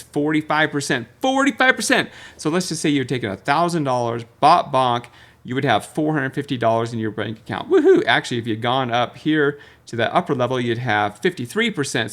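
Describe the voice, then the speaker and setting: Guy doing a crypto chart tutorial, salesy, keeps repeating himself, gets loud and excited now and then. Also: mid-range voice. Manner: emphatic, repetitive, salesy with sudden excited shouts. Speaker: crypto trading educator. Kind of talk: screen-share trading tutorial.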